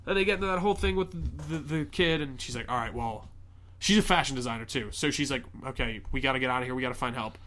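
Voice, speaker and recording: A man's voice: mid-range voice, fast talker, a little hiss or hum. A young man hosting a podcast, casually retelling a film scene by scene, acting out the characters and swearing often. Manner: animated storyteller, acts out scenes, swears often. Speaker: podcast host. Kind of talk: casual movie recap chat.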